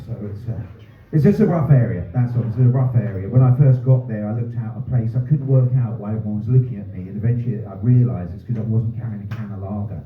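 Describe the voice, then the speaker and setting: A man from North doing a stand-up set, ranting and swearing with dry deadpan asides. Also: lowish voice, slight background noise. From North London. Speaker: stand-up comedian. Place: small pub comedy room. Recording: roomy, distant, phone-like sound. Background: audience laughter.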